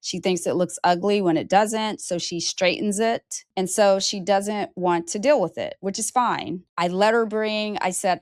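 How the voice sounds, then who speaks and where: A woman in her fifties, a longtime hairdresser and salon owner, candidly telling a personal story from work and lively acting out the people she quotes. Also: unhurried, few pauses, no room sound, clean studio sound. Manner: expressive, acts out quoted people with high animated voices.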